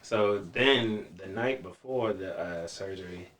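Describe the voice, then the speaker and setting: A man telling his story as a podcast guest, animated and acting out other people's voices. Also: fairly low pitch, takes it slowly. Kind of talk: casual storytelling.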